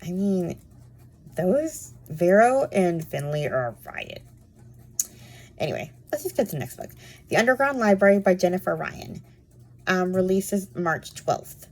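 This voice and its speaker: Brief: woman with a lowish voice, casual rambling book chat, full of fillers. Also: big pitch swings, measured pace. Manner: chatty, rambling, many "like" and "um" fillers. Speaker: book reviewer.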